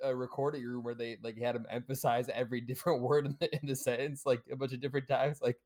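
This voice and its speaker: Casting: male podcast co-host, laid-back and amused, mid pitch. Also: little pitch movement, fast talker, a little mellow. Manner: amused, laughs at dialogue, reads from notes. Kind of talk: casual film review chat.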